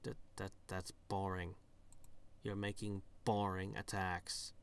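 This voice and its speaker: A man hosting a gaming video, reading the game's text aloud with animated delivery and wry asides. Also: low-pitched, takes it slowly, clean tone.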